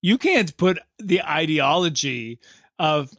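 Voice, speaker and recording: A man's voice: fairly high pitch, lively intonation, slow, pushed and bright, no room sound, studio quality. A man co-hosting a casual movie review chat, wry and joking, teasing his co-host. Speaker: podcast co-host.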